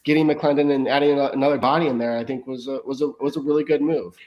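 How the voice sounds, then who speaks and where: A man's voice: mid-range voice, fairly even intonation, muffled recording. A man talking as a podcast guest in casual analysis, often stumbling and restarting his words. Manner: rapid talk with frequent stammered restarts.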